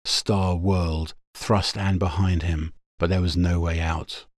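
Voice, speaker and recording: A man narrating a pulp science-fiction story in a steady, measured audiobook reading. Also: deep voice, no room sound, clean studio sound.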